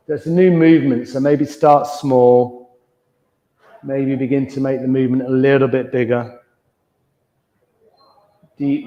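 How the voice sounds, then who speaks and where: A calm man leading a yoga class with slow, soothing breathing cues. His voice is mellow and dark. The sound is dull and lo-fi, with a long, roomy reverb around it. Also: mid-range voice. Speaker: yoga instructor. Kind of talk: guided yoga class instruction.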